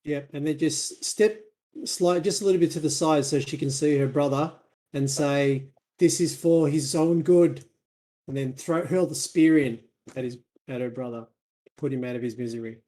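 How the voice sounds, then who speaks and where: Tabletop player, male, mellow tone, plain and matter-of-fact. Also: medium pitch, steady tone, moderate pace. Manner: matter-of-fact when declaring actions. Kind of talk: casual tabletop play.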